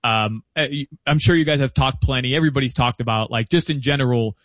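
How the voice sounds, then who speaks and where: A man chatting as a guest analyst about soccer betting, chatty and animated with quick asides. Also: medium pitch, no room sound. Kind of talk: casual interview chat.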